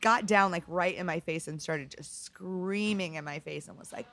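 A middle-aged woman with a somewhat low voice recounts bar stories in a loose, conversational interview. She's frank and unfiltered, swears casually, and fills her sentences with "like" and "um". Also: normal speed, sharp tone, faint music behind. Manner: candid, profane, heavy use of "like". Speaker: bartender guest.

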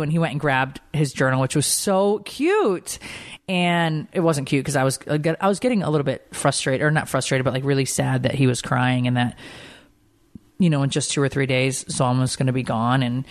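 A woman in her thirties telling a family story in casual chat, jumping up high whenever she quotes someone. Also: dry recording. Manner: animated storytelling, voice jumps high when quoting. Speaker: podcast co-host, mother.

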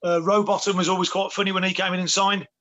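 A man with a fairly high voice talks quickly as a guest. He rambles cheerfully, restarting his sentences and padding them with fillers. It all sounds like a loose, casual call. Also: little pitch movement, sharp tone. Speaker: guest, former footballer. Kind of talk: casual chat.

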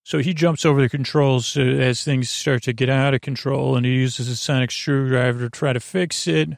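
A man's voice: mid-range voice, fairly even intonation, normal speed, creaky, no room sound, clean studio sound. A man hosting a podcast, casually recapping an episode in a rambling way, full of uhs and loosely quoted lines. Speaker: podcast host.

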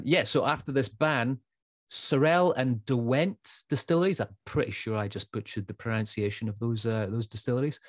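A man's voice: mid-range voice, no room sound, clean studio sound. A man co-hosting a casual podcast chat, chatty and prone to repeating words as he thinks. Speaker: podcast co-host.

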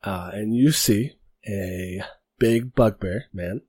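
A man narrates a tabletop game as its game master, wandering through his descriptions with many fillers. His voice is low and husky, recorded dry and close. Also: slow pace, a little mellow, no room sound.

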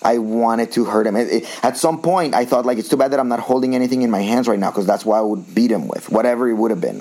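A man from Colombia, co-hosting a podcast and telling stories in a lively, laughing way. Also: on the low side, gravelly, low-quality recording. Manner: animated, laughing, acts out quoted people. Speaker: podcast co-host. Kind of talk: casual storytelling chat.

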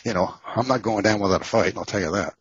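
A man's voice: lowish voice, fast, slightly rough, no room sound, lo-fi sound. A man with a Texan accent, an author being interviewed, telling wry stories with many filler words. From Texas. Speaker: author guest. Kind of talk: casual interview storytelling.

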